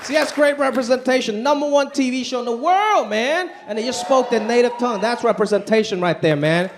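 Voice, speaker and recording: A man doing a stand-up comedy set in a club, talking in an animated way and acting out other people's voices. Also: extremely high pitch, brisk, a loud crowd, heavy background noise. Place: comedy club stage before a live audience. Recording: live club recording with loud audience laughter. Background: audience laughter.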